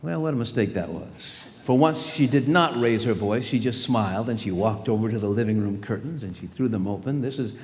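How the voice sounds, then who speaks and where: Brisk and with few pauses, a man in his sixties uses a medium-pitched, darkish voice as a guest speaker addressing students. He acts out the characters in his stories, and the big school hall leaves a long reverb.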